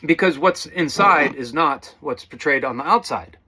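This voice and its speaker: A man's voice: fairly high pitch, animated, moderate pace, pushed and bright, husky. A man giving a casual spiritual talk to viewers, rambling and calling them guys. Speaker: spiritual teacher.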